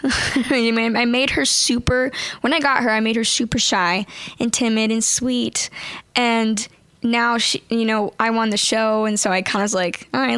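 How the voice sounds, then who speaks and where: A bubbly young woman chats in an interview, telling stories and laughing often. Her voice sits a little high. The sound is close and dry, with no room around it. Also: fairly bright tone, no echo. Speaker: ventriloquist guest. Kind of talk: casual interview chat.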